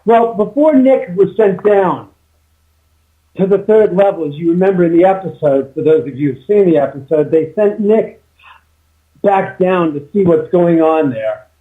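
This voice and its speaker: A man's voice: high-pitched, lively intonation, moderate pace. A man as an interview guest, telling a long story with many restarts and quoted dialogue. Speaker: guest, homeowner. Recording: tinny phone line.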